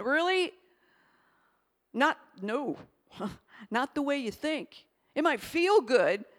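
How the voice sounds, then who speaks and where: A woman preaching a sermon with an emphatic, expressive delivery, swinging between loud and hushed. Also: high-pitched.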